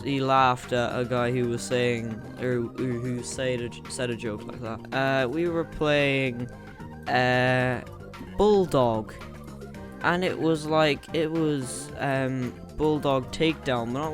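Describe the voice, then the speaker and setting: A man's voice: medium pitch, steady tone, slow pace, over music. Rambling Irish guy telling stories. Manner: rambling, laughing at his own jokes. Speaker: channel host. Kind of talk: casual storytime chat.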